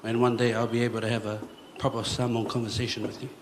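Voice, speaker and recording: A man's voice: medium pitch, level tone, quick pace, noisy background. A young man giving a hesitant funeral eulogy for his grandmother in a large church, holding back tears. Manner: emotional, hesitant, many ums. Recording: church with long reverb, faint ambience.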